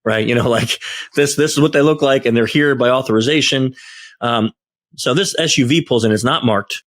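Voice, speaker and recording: A man's voice: mid-range voice, a little fast. A man on a podcast telling a work story in casual chat, acting out the voices of people he quotes. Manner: animated, acts out quoted dialogue. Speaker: podcast host and security tester.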